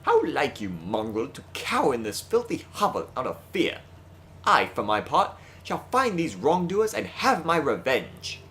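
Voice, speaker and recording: A man's voice: a little high, wildly swooping pitch, a little slow, a bit bright, faint music behind, full character voice. A man voicing a haughty, aristocratic young male bird who talks pompously and with contempt.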